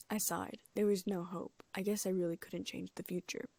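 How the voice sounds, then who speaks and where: A woman reading a first-person fan fiction audiobook, giving the characters' lines small lifts in pitch and loudness. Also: little pitch movement, normal speed, creaky, breathy edge, dry recording. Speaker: audiobook narrator.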